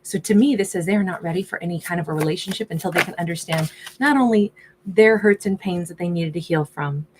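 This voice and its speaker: A woman's voice: fairly low pitch, fast, background noise. A woman giving a casual tarot reading, musing aloud in a chatty way and often voicing the subject's thoughts. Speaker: tarot reader.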